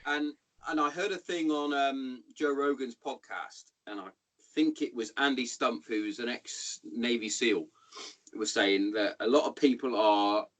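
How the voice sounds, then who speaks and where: A man in his thirties with an English accent, hosting a podcast in casual, sweary, animated chat. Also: mid-range voice, unhurried, low-quality recording. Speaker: podcast host.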